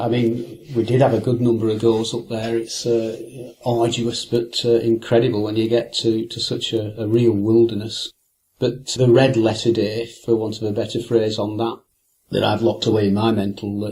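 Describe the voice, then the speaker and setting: An older angler with a fairly low, darkish voice tells fishing stories in a reflective, anecdotal interview. His talk rambles, full of hesitations and restarts.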